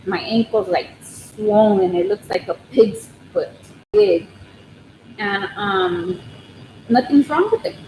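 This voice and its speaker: Woman, livestream chat, slow unhurried delivery, hesitant rambling with many ums, roomy living-room echo, background noise. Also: medium pitch. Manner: nervous, soft-spoken. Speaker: crochet channel host on a livestream. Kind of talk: casual live chat with viewers.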